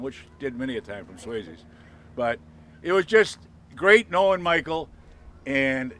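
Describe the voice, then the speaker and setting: A man telling animated stories at an outdoor dedication, loudly acting out the voices of the people he quotes. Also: fairly high pitch. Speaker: speaker at a dedication. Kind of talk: storytelling speech. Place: outdoor ballfield ceremony.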